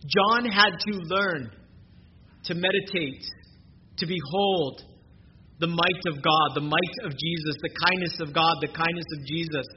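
Man preaching to his congregation, earnest, goes soft then emphatic, kinda high voice, muffled hissy recording. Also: measured pace. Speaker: pastor. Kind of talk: sermon. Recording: dull lo-fi recording with noise.

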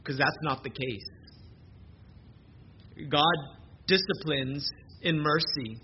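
A man's voice: on the high side, slow. A man preaching a sermon in an earnest way, often repeating words as he restarts his sentences. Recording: muffled lo-fi sermon recording with background noise.

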